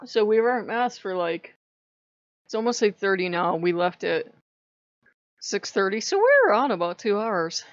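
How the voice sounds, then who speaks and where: A woman vlogging from home in casual chat, animated and prone to laughing as she tells a story. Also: mid-range voice, moderate pace, pauses often, no room sound, lo-fi sound.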